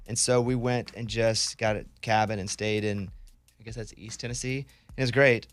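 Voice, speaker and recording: A man's voice: lowish voice, steady tone, normal speed. A man hosting a morning radio show, chatting casually with dry, teasing banter from a studio mic. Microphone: studio microphone.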